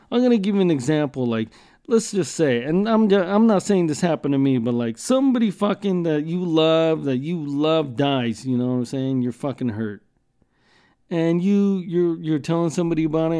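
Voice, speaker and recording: A man's voice: on the high side, dark tone, smooth. A man hosting a podcast, telling rambling jokey stories in a casual, profane way. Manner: profane, rambling, joking storyteller. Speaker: podcast host.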